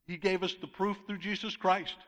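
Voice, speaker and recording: A man's voice: high voice, steady tone, moderate pace, a bit bright, lo-fi sound. A man preaching a sermon as pastor, emphatic, with rhetorical questions to the congregation. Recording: long reverb of a large hall.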